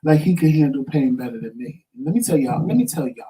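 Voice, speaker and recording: A man co-hosting a talk show, telling stories in a lively, dramatic way and acting out what people said. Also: on the high side, fairly quick. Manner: animated, dramatic storyteller acting out quotes. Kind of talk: casual storytelling chat. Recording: voice somewhat distant from mic.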